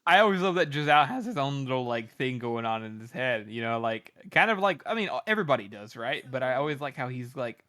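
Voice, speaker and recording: Bright-voiced man in relaxed chat. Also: medium pitch, quick pace, hardly any pauses. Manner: relaxed, filler-heavy. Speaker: podcast co-host. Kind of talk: casual book-discussion chat.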